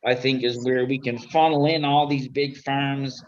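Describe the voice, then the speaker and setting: A man's voice: medium pitch, fairly even intonation, moderate pace, a little hiss or hum. Laid-back man on a dull video call. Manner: laid-back, swears casually, trails off into mumbles. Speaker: guest on a video-call chat show. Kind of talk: casual chat.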